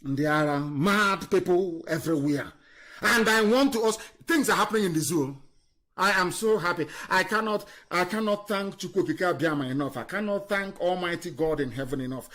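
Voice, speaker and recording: A man giving an impassioned political speech on a live broadcast, scornful and fiery, swinging from loud declarations to low muttering. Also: normal speed. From Nigeria. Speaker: activist leader on a live broadcast.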